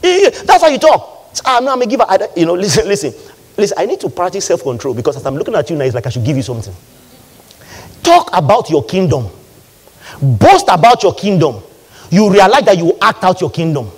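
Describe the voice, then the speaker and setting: Animated high-voiced male preacher. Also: a little fast, slightly rough. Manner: animated, call-and-response preaching. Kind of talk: sermon.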